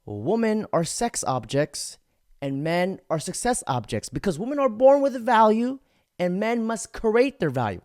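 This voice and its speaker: A man's voice: high voice, very animated, measured pace, darkish tone, no room sound, clean studio sound. A man hosting a commentary video, lecturing in a matter-of-fact way. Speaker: commentary host. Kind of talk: commentary narration.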